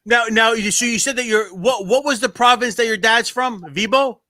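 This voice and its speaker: A man hosting an interview, asking halting questions with many restarts and repeated words. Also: very high-pitched, sharp tone, dry recording, studio quality. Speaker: host. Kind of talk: casual interview chat.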